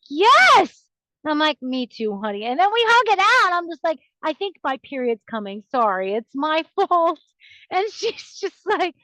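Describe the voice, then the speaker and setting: A woman's voice: a little high, fairly bright tone, dry recording, dull audio. A woman in her thirties hosting a podcast, talking in a chatty, confiding way and laughing between sentences, with a runny nose. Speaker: podcast host. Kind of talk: casual monologue.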